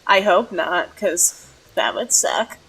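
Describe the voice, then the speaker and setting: A woman's voice: lowish voice, lively intonation, takes it slowly, fairly bright tone, breathy edge, rough recording. A young woman streamer telling a story in a casual vlog, bubbly and giggly, with many "like" fillers. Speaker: streamer recapping a role-play game.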